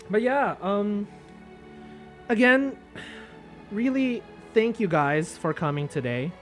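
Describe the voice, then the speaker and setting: A man's voice: sits high, animated, very slow, pauses often, faint music behind. A man chatting casually with viewers on a live stream, rambling and self-deprecating. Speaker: VTuber streamer.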